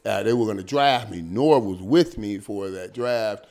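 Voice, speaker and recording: Animated slangy man telling stories. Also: lowish voice, measured pace. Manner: animated, slangy, repeats words and acts out quotes. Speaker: guest. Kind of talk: casual storytelling.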